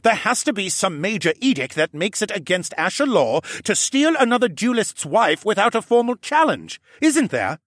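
A man voicing a blunt, impatient young falcon man who snarls and pushes hard, in a raised, husky voice. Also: high voice, big pitch swings, moderate pace, hardly any pauses, a bit bright, no echo, studio quality, voice pushed up, exaggerated voice. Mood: heated.

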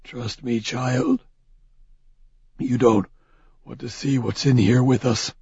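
A man voicing a chained, wounded man who speaks in a hushed, soothing, measured way in a storybook reading. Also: medium pitch, steady tone, gravelly, breathy edge, no echo, exaggerated voice. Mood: grim, hushed. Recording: dull lo-fi recording.

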